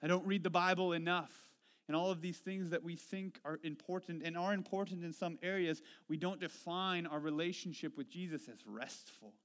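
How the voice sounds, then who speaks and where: A man with a slightly high voice preaches a sermon to his congregation. He tells stories about himself with a self-deprecating, conversational touch. He drops low and soft for his reflective points and gets animated when he retells his frustrations. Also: normal speed. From Washington State. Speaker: pastor.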